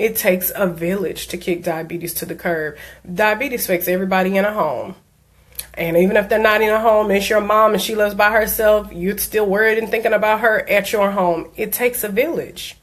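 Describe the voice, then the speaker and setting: A woman, a diabetes life coach, giving an earnest personal talk and telling a family story with emphasis. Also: on the high side.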